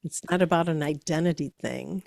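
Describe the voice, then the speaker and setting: A woman's voice: sits low, a little fast, creaky, darkish tone, dry recording, studio quality. A woman co-hosting a podcast, thinking aloud and searching for words as she talks. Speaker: podcast co-host. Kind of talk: casual podcast conversation.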